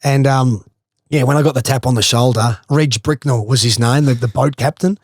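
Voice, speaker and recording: A man's voice: medium pitch, moderate pace, no room sound, clean studio sound. A man with an Australian accent, a former footballer, casually telling a swimming story with laughs and swearing. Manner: animated, swears freely, laughs through stories.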